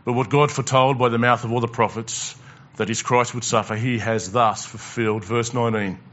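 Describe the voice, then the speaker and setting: A man's voice: mid-range voice, fairly even intonation, a little fast, fairly bright tone, lo-fi sound. A male pastor preaching a conversational sermon, asking the congregation questions and repeating words as he goes.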